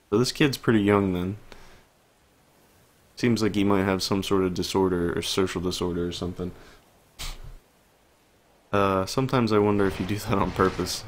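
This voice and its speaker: A male streamer with a fairly low voice plays a story-heavy game. He reads the dialogue aloud and adds casual, joking asides. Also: steady tone, moderate pace, long pauses. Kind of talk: casual gameplay commentary.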